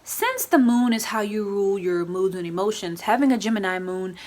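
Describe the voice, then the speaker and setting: A woman casually explaining astrology in a vlog, chatty, often adding "you know" and "right?", and acting out quoted moods in lively voices. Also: mid-range voice, fairly quick. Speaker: astrology YouTuber.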